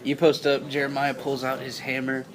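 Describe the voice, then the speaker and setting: A man's voice: mid-range voice, monotone, moderate pace, a crowd in the background. Giggly man running a tabletop game. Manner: giggly, rambling, stumbles over words. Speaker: game master. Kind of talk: narrating a tabletop game, laughing often.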